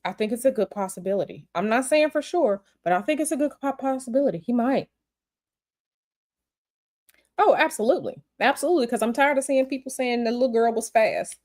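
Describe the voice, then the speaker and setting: A woman reading tarot on a livestream, answering viewer questions in a blunt, animated, repetitive way. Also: a little high, a little fast. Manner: blunt, animated, repeats herself. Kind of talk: casual livestream chat.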